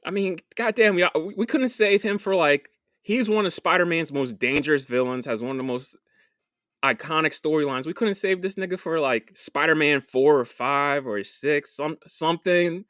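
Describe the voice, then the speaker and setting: A man's voice: on the high side, moderate pace, fairly bright tone, no room sound, clean studio sound. Joking, laughing podcast co-host man. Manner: joking, profane, laughs often. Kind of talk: casual film podcast banter.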